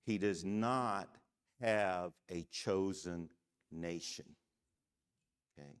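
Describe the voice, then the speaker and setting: A middle-aged man from the United States teaching a church Bible class, measured and emphatic, often checking in with "okay?". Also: low voice, smooth.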